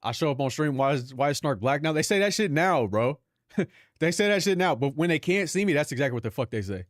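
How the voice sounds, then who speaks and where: A man's voice: on the high side, expressive, fast talker, no echo, studio quality. A young Filipino man, a live streamer, chatting casually and profanely with his viewers, laughing often. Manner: loose, profane, laughing banter with chat.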